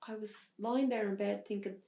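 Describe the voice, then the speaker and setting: A woman telling a hard personal story as an interview guest, in a halting way with restarts. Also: medium pitch, steady tone, creaky, mellow, echoey room. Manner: halting, restarts under strain. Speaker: podcast guest.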